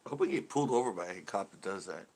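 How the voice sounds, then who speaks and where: A man's voice: sits low, animated, rapid-fire, a little mellow. A man from California, hosting a fishing channel in casual livestream chat, ranting loosely and swearing freely.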